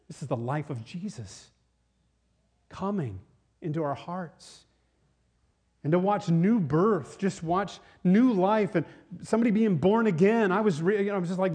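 A man preaching a sermon, telling a personal story in an animated way with many restarts. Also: high-pitched, normal speed. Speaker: pastor.

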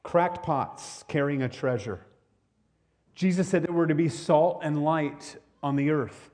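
A man's voice: a little high, a little slow, darkish tone. Man preaching a conversational sermon. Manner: conversational, repeats words, asks the congregation questions. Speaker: pastor.

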